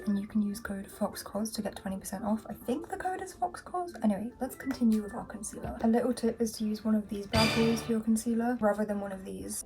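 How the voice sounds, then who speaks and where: Playful young woman giving a makeup tutorial. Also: mid-range voice. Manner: chatty, playful, jokey asides. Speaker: cosplay makeup creator. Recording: music playing behind the voice.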